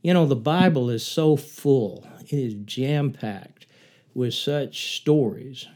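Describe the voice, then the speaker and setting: A man's voice: slow pace, mellow. An older man, a former missionary preacher, speaking earnestly as he reflects on preaching and retells a Bible story. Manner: earnest, rising in pitch and force as he retells the story.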